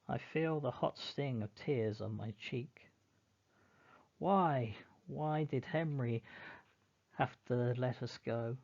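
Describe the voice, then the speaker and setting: A man narrating a novel in the first person, in a slow, measured, mournful reading. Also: mid-range voice, creaky, darkish tone, muffled recording.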